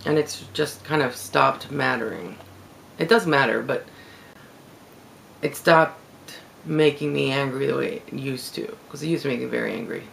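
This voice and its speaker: A man with a gravelly voice, talking candidly in a casual reflective video blog and laughing easily. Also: medium pitch, moderate pace, pauses often, fairly bright tone, a little hiss or hum, low-quality recording. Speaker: video blogger.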